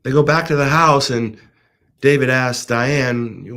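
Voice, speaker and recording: A man's voice: medium pitch, measured pace, bright, forceful tone. A middle-aged man hosting a show, animatedly retelling a film plot in a casual monologue with frequent restarts. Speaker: podcast host.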